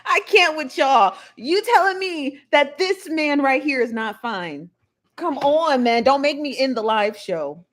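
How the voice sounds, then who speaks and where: A woman's voice: high-pitched, expressive, measured pace, a bit bright. A woman hosting a casual celebrity gossip livestream, chatty and laughing often as she talks straight to her viewers. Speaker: livestream host.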